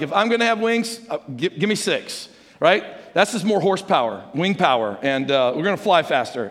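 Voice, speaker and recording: A man preaching a conversational sermon as pastor, animated and chatty, asking the congregation questions. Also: sits high, creaky. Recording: long hall reverb.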